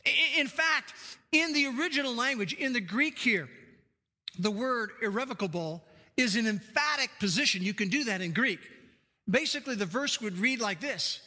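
A man's voice: very high-pitched, animated, normal speed, pushed and bright. A male preacher delivering a sermon, emphatic, repeating key phrases for stress. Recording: long hall reverb.

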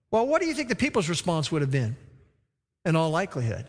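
High-voiced preacher in a reverberant hall. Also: male voice, fast talker. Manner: animated storytelling, mimics the speakers he quotes. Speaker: pastor. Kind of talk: sermon.

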